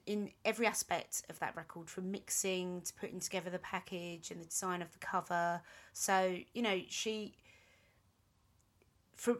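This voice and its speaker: Chatty woman rambling through a story. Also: medium pitch. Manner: rambling, chatty, with frequent ums and self-corrections. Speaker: podcast co-host. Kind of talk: casual chat, recounting a band's history.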